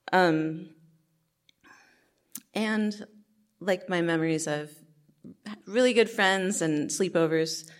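A woman's voice: low voice, creaky. A middle-aged woman telling a personal life story to an audience in a candid, casual way, with many fillers. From New Jersey, USA.

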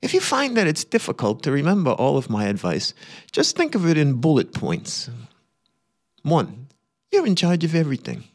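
A man voicing a blunt, controlling older uncle, reading out a letter of commands in a brash, loud voice. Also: a little high, huge pitch swings, moderate pace, exaggerated voice. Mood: bossy.

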